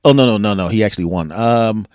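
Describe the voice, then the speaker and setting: A man's voice: fairly low pitch, quick pace, clean tone, dry recording, studio quality. A man from Philadelphia, playfully ribbing his guest in casual podcast sports banter. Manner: playful ribbing, animated retellings. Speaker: podcast host.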